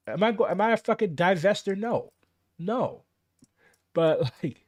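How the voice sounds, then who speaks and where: A fired-up American man ranting in a casual commentary, swearing freely and leaping upward in exasperation. His voice sits a little high for a man, and the recording is close and dry with no room sound. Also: animated, measured pace, pauses often, darkish tone, no echo. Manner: profane, exasperated, voice jumping high when worked up. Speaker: political commentator. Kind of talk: casual rant to camera.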